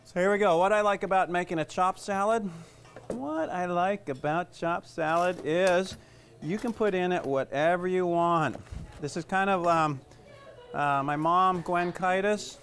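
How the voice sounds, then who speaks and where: A middle-aged chef with a Southern US accent talks through a recipe in a loose, rambling way, joking about himself as he goes. His voice sits a touch high for a man. A faint hum runs under the recording. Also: unhurried, a bit bright. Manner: chatty, rambling, self-joking. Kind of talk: casual cooking demonstration.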